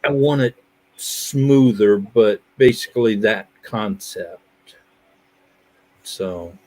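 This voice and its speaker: A man's voice: on the low side, slow. Fifties guy hosting his live stream, casual chatty storyteller, laughs a lot. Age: 50s. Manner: easygoing, laughs through animated stories. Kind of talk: casual chat.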